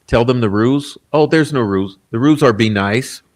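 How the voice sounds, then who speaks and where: A man's voice: medium pitch, a little fast. A man hosting a casual livestream, reading viewer comments aloud in a laid-back, rambling way, chuckling often. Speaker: livestream host.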